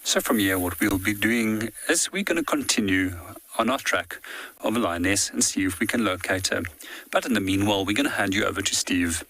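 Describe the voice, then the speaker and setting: Deep-voiced, bright-toned safari guide man. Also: brisk, dry recording, poor audio. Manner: calm, explanatory, teaching tone. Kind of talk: live field commentary on a walking safari. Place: outdoors in the bush on foot.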